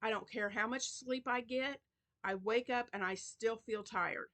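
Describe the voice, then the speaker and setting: Woman, crochet vlog host, casual chat, tired and yawning, rambling restarts, bright voice. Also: on the high side, measured pace. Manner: chatty, rambling with frequent restarts.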